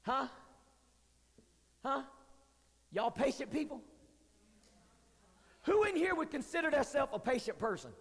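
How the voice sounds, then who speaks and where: High-voiced youth pastor preaching. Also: male voice, sing-song, unhurried, gravelly, pauses often. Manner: joking, confessional preaching. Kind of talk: sermon. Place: church hall. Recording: long hall reverb.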